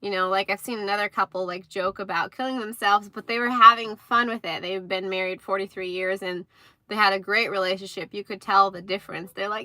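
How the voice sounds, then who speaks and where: Bright-voiced young woman chatting on a livestream. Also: mid-range voice, a little fast, dry recording. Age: young adult. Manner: chatty, animated retelling with acted-out quotes. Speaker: livestream host. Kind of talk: casual livestream storytelling.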